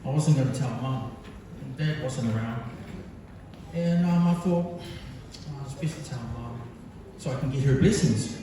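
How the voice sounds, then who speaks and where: A man from New Zealand with a dark, mid-range voice speaks at a measured pace, giving a birthday speech as the son to a gathering in a large function hall. He rambles through humorous stories with many fillers. Picked up from far off in the echoey hall, the recording has slight background noise.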